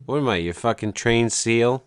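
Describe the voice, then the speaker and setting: A man's voice: mid-range voice, normal speed, clear, resonant tone, no room sound, studio quality. A man co-hosting a casual comedy podcast, sarcastic and profane in his banter. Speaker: podcast co-host.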